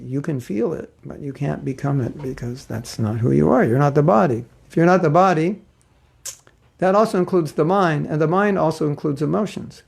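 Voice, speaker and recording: Gravelly man teaching a spiritual class. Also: on the high side, a little mellow. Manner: informal, chuckling, acts out quoted voices.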